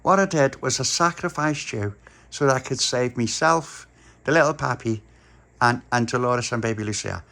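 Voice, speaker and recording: A man's voice: mid-range voice, moderate pace, creaky, fairly bright tone, voice pushed up. A man voicing a bossy, persuasive young girl in a silly family story. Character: little girl's cousin, bossy scheming girl.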